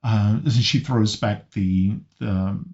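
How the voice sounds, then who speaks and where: A man's voice: lowish voice, steady tone, takes it slowly, a little mellow. A man narrating as game master of a tabletop game, hesitant and often restarting his sentences. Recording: slightly muffled lo-fi audio.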